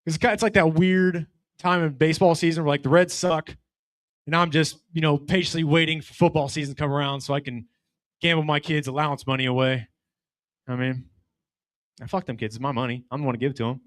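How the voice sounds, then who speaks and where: A man's voice: a little high, steady tone, a little fast, dry recording, clean studio sound. A middle-aged man doing a stand-up comedy set, telling a profane story with brash delivery and acting out voices.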